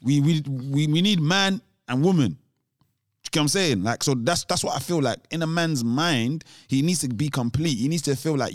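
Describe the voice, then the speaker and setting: A man's voice: on the high side, normal speed, no echo, studio quality. A man chatting casually as a co-host, rambling off on tangents with lots of restarts and street slang. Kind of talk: casual chat.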